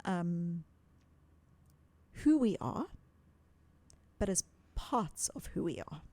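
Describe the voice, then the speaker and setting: A woman's voice: lowish voice, takes it slowly, no room sound. Woman guest explaining stuff earnestly, repeats herself for emphasis, dry close mic. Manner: earnest, animated, repeats words when emphasising. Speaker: psychologist guest. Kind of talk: interview, explaining ideas.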